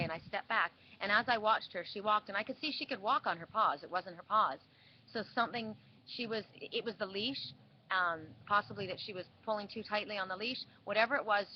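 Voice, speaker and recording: A woman giving a weekly spiritual card reading, telling a story with many restarts and repeats. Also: lowish voice. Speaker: oracle card reader. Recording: dull lo-fi sound with faint hiss.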